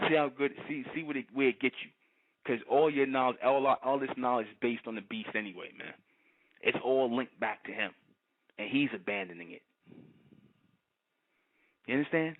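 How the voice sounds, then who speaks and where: A man's voice: mid-range voice, normal speed, long pauses. A man in a fervent monologue, emphatic and repetitive, often asking if the listener understands. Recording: tinny phone-like sound.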